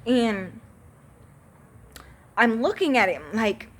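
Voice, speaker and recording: Teen girl vlogger, unloading her grievances on camera, slow deliberate delivery, somewhat high voice, cursing emphatically. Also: fairly bright tone. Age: teens. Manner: profane, emphatic, exasperated. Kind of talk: venting to camera.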